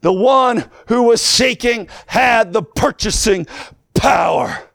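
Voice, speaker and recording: A man preaching with a high, gravelly voice, his delivery swinging between soft asides and shouted, almost sung lines. He keeps a rhythmic, sing-song preaching cadence throughout. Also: takes it slowly, no echo. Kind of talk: fiery sermon.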